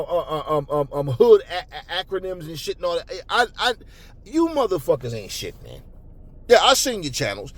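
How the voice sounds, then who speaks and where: A man hosting a boxing talk channel, ranting angrily and profanely at commenters, stumbling over repeated words when worked up, then cooling into calmer talk. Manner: calmer and lower later on. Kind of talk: angry unscripted rant to camera.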